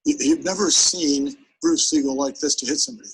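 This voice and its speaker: A man's voice: a little high, brisk, breathy edge, low-quality recording. A man giving a live seminar on presentation skills, talking energetically and straight to his audience. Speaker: sales presentation trainer.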